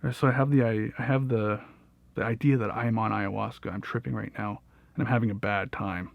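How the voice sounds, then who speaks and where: A man's voice: on the low side, fairly even intonation, brisk, creaky, dry recording. A young man telling a personal story in a casual, rambling way, with lots of fillers, swearing and laughter. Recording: dull, dry lo-fi audio.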